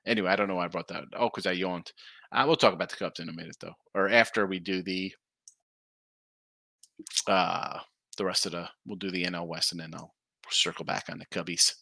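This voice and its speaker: A man's voice: deep voice, fairly even intonation, a little fast, vocal fry, pauses often, pushed and bright, no echo. A middle-aged man hosting a casual live sports betting stream, rambling through picks, stumbling over his words and reading viewer comments aloud. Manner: rambling, self-interrupting, reads chat comments aloud. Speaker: sports betting show host.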